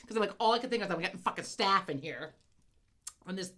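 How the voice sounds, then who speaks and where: Brief: animated woman co-host, lively pitch, salty, quick storyteller. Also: a little hiss or hum. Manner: profane, animated storytelling with laughs. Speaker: podcast co-host. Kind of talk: casual chat.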